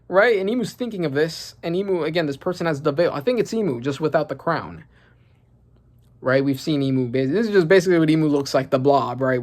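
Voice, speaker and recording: A man reading through a comic and reacting as he goes, thinking aloud and swearing when surprised. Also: a little high. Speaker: manga reaction channel host. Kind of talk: casual reaction commentary.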